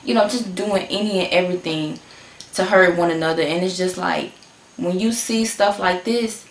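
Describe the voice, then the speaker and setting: Female reaction host, low-pitched, loose and emotional, repeats herself. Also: normal speed, reverberant. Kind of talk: casual reaction commentary.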